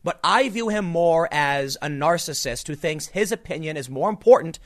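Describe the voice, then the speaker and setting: Guy ranting political commentary, slightly high voice, lots of rhetorical questions. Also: animated, normal speed. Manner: emphatic, repetitive, rhetorical questions. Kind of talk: monologue commentary.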